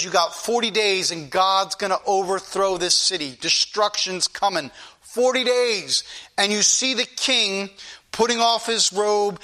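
A man's voice: high-pitched, pushed and bright. A man preaching a sermon with fervent delivery, repeating key phrases for emphasis.

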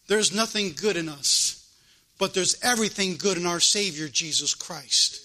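Male pastor, high, tense and cutting, preaching with a fervent chanted lilt. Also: normal speed, sharp tone, poor audio. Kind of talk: sermon. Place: church.

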